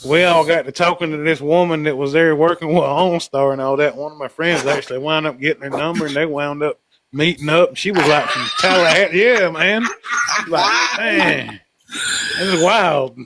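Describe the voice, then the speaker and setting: A man chatting casually on a podcast, laid-back and quick to laugh. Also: on the high side. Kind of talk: casual chat. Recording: faint background noise.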